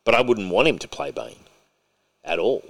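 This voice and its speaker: A man hosting a podcast in casual chat, excitable and opinionated, swearing freely. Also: fairly low pitch, normal speed, gravelly. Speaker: podcast host. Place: podcast recording.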